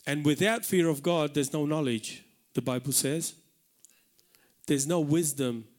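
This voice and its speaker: A man from Malta with a Maltese accent, preaching an animated sermon in a church hall. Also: a little high, a little slow. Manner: animated preaching, shouting out acted warnings.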